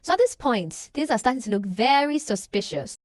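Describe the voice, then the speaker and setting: A woman's voice: on the high side, big pitch swings, a little fast, a little mellow, no echo, studio quality. A young woman, casually recapping a movie and acting out the characters' lines. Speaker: movie reaction vlogger.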